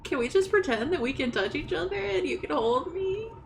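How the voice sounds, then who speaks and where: A woman's voice: high voice, lively intonation, a little fast, gravelly, slight background noise. A young woman giving casual, emotional commentary on a game playthrough, giggly and swearing freely. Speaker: gaming streamer.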